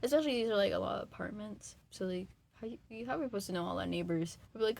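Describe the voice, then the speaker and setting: A woman's voice: medium pitch, very fast, creaky, darkish tone, a little hiss or hum. A young woman from Massachusetts co-hosting a podcast in a small studio, chatting and laughing as she explains a case. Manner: chatty, laughing, acts out quoted voices. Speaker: podcast co-host. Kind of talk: casual chat.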